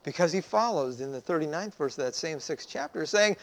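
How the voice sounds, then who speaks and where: A man's voice: on the high side, lively intonation, brisk. A man, a pastor, preaching a sermon in a conversational way, asking rhetorical questions.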